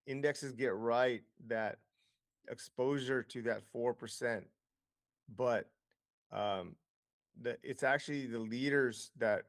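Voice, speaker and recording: A man's voice: medium pitch, no room sound, studio quality. A man as an interview guest, explaining investing with lots of figures, fillers and restarts. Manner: explanatory, data-heavy, frequent fillers and restarts.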